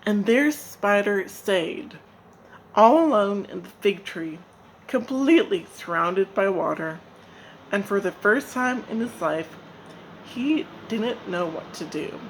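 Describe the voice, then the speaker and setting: A woman from Nigeria reading a folk tale aloud in a slow, gentle, expressive way. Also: medium pitch, slight background noise, poor audio. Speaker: storyteller. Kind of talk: storybook narration.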